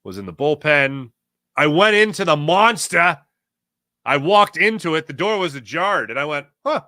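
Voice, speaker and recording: A man's voice: on the high side, moderate pace, no room sound, clean studio sound. A man hosting a casual sports talk show, reading viewer chat and telling stories in a chatty way with frequent laughs. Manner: animated, chatty, laughs often, storytelling.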